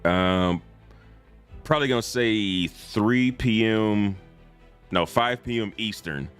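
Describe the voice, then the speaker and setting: A man with a very low voice chats casually on a live stream, loose and slangy and quick to chuckle. Faint music plays softly behind him. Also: clean tone. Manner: laid-back and slangy, chuckles often. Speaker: streamer reacting to game videos.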